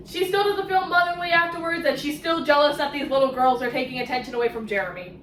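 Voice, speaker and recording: High-voiced woman, sarcastic book recap. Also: normal speed, roomy sound, recorded from a distance, background noise. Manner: sarcastic, animated, exclamatory asides. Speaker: book reviewer. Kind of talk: casual book summary commentary.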